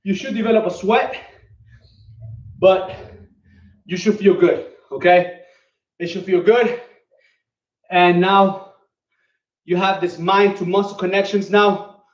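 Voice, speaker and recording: A man's voice: high voice, fairly even intonation, takes it slowly, long pauses. A man coaching a home workout, counting his reps aloud as he exercises, recorded from a distance in a room at home. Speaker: fitness coach. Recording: echoey distant lo-fi home video.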